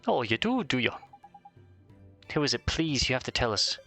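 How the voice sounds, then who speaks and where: A man's voice: mid-range voice, very animated, normal speed, sharp tone, faint music behind. Man reading a polite eager boy hero.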